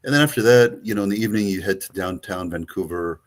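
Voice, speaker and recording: A man with a very low voice and a Greek accent talks through a travel itinerary in a loose, rambling way. He co-hosts a casual travel show and fills his sentences with ums and restarts. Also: quick pace. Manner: rambling, many fillers and restarts. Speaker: co-host, travel agent. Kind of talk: casual chat.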